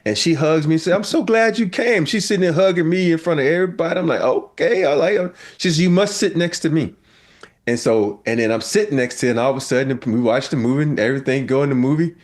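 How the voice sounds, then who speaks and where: A man's voice: fairly high pitch, quick pace. A middle-aged man, a podcast host and former basketball player, telling stories in casual chat and acting out the quotes. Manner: animated storyteller, acts out quotes with laughs.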